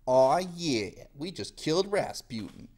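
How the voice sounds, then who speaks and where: This is a brash young nobleman, voiced by a male teacher in a comic retelling. He is cocky and exclaiming, with a raised pitch and animated, bouncing intonation. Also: a little slow, exaggerated voice. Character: brash, excitable young nobleman assassin, man.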